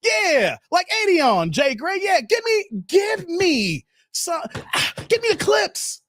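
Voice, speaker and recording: A man's voice: very high voice, big pitch swings, slow, fairly bright tone, no echo, studio quality. A man hosting a live stream, ranting in a casual, riled-up way and talking straight to his chat. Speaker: livestream host. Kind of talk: casual livestream rant.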